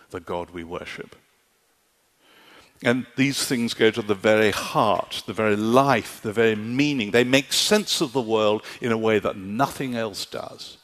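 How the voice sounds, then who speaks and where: A man of medium pitch preaches with emphatic conviction, stressing his key points and turning to the congregation to ask whether they follow. His voice rings out with a long reverb, as if filling a large hall or church. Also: a bit bright. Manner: emphatic, often asks "do you see?". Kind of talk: sermon.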